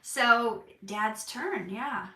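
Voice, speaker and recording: A chatty woman in her thirties hosts a casual live-stream Q&A, reading viewer comments and joking along. Her voice is bright and slightly high, and it sounds roomy and a little distant from the mic. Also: drawn-out words. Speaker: live-stream host answering chat. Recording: roomy, a bit far from the mic.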